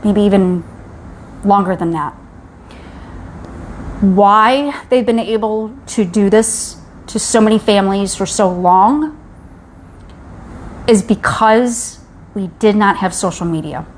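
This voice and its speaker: A woman's voice: medium pitch, takes it slowly, long pauses, a little hiss or hum. Urgent, rallying woman live-streaming. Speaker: host. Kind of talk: live-stream advocacy talk.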